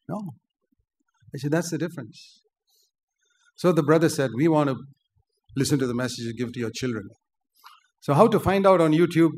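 An older man preaching a sermon, forceful and emphatic, rising to loud outbursts. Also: mid-range voice, slight background noise.

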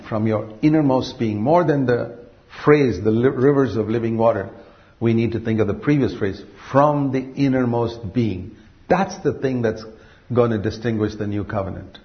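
A man preaching a sermon earnestly, asking rhetorical questions and slowing down to stress key phrases. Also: mid-range voice, muffled recording.

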